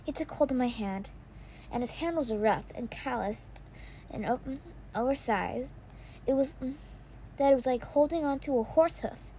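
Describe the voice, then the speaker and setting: A woman reading a first-person children's novel aloud, soft and wondering, with small slips. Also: sits high, normal speed, slight background noise. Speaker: audiobook reader. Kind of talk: first-person storybook narration.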